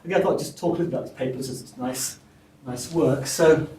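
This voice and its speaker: Man, academic lecture, halting with restarts, faint background hiss, distant mic. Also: medium pitch, dark tone, echoey room. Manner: halting, many restarts and fillers. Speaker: lecturer at a symposium. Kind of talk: academic seminar talk. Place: seminar room.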